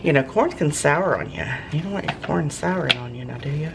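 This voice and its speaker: A woman's voice: low-pitched, animated, fairly quick, gravelly, very noisy. A woman chatting casually to camera in her home kitchen, folksy and gushing over fresh food. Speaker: home cooking vlogger. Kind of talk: casual cooking chat to camera. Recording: kitchen clatter of pots and dishes.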